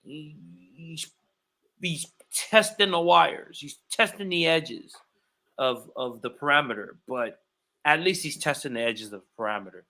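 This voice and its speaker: A man with a bright, forward voice breaking down upcoming fights on a casual podcast. He talks emphatically and keeps repeating his points for weight. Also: a little high, unhurried, poor audio. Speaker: podcast host and fight analyst.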